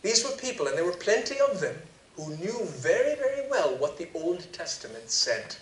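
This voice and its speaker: An enthusiastic male preacher gives a storytelling sermon in a fairly high, animated voice with a bright edge. He sounds distant from the mic, with a roomy echo and faint noise behind him. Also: normal speed. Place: large event venue. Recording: echoey hall, distant mic.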